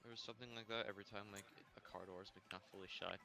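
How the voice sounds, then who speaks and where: A man's voice: on the low side, fairly even intonation, gravelly, rough recording. A man chatting casually with a streamer friend, rambling and restarting his sentences. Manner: rambling, restarts, quick laughs. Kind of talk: casual chat on a game stream.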